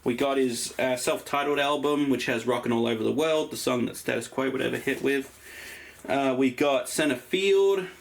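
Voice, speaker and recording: A man's voice: medium pitch, moderate pace, gravelly, slight background noise. An Australian man casually showing his vinyl collection, rambling through it with plenty of ums and uhs. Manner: rambling, lots of ums and uhs while listing records. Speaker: record collector vlogger. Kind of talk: casual show-and-tell.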